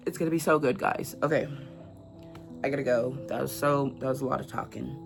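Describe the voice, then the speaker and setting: A woman's voice: a bass voice, fairly even intonation, normal speed, creaky, music in the background. A woman reading passages of a novel aloud to camera, stumbling over words now and then, and chatting about the book with effusive feeling. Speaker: book reviewer.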